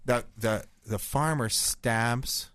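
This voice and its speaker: A man hosting a podcast, spinning a crude, rambling tall tale in a deadpan, profane way. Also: mid-range voice, takes it slowly, slight background noise. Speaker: podcast host. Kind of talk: crude comedic storytelling.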